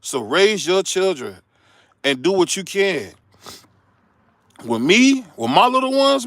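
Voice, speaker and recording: A man's voice: a little high, very animated, moderate pace, fairly bright tone, no echo. A middle-aged man, hosting a heated, preachy opinion rant that turns confrontational. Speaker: commentary show host.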